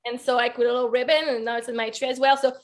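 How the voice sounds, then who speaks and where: A woman with a high voice tells a heartfelt personal story as a life coach guest. She speaks earnestly and fills her sentences with "like." The sound comes through a video call. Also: level tone, racing. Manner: earnest, heartfelt, many "like" fillers.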